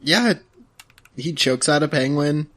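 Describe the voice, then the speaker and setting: A man's voice: on the high side, slow pace, a bit bright. A man co-hosting a podcast in casual chat, chiming in with dry one-liner quips. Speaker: podcast co-host.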